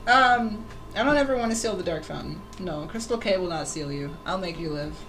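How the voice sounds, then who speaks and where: A woman drawing fan art on a casual livestream, chatting with viewers in an excitable, giggly way. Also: fairly low pitch, fairly quick, faint music behind, low-quality recording.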